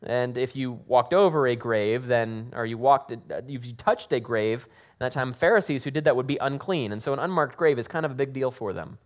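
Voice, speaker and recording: A pastor giving a sermon, reading scripture dramatically and then explaining it in a casual, joking way. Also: male voice, mid-range voice, normal speed.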